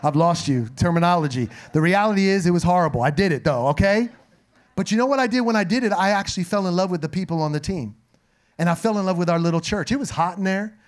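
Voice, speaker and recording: Talking fast, this middle-aged pastor has a high, faintly raspy voice that sits noticeably above the typical male range. He tells stories in his sermon casually and with humor, tossing playful, lively asides to the congregation.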